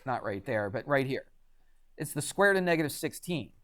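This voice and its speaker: A man's voice: mid-range voice, very animated, a little fast, a bit bright. A man teaching a math class in a classroom, chatty and quizzing students with frequent questions. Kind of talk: classroom lecture.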